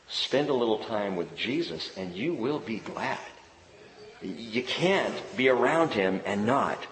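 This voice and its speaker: A man's voice: mid-range voice, fairly bright tone, reverberant, in a large hall, poor audio. A middle-aged man, a pastor preaching a sermon with jokes and family stories.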